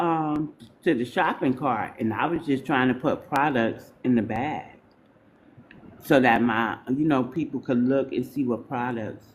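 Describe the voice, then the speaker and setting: A woman's voice: rumbling low, a little mellow, a little hiss or hum. A woman from New York hosting a live stream, talking in a loose, informal, chatty way to her viewers. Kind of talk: casual live stream chat.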